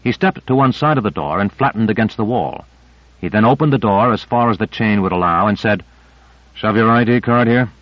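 A man reading a thriller aloud as an audiobook narrator, in a measured, steady way. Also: fairly low pitch, no echo. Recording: dry, slightly dull recording.

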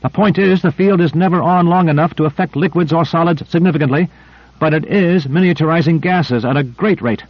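An excitable male scientist bubbling with boyish eagerness, as a male narrator puts him on. The voice sits noticeably higher than the reader's own. The recording is dry and a little dull. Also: fast, no echo, close to an everyday voice. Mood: excited. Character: excitable male scientist running the air supply. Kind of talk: audiobook character reading.

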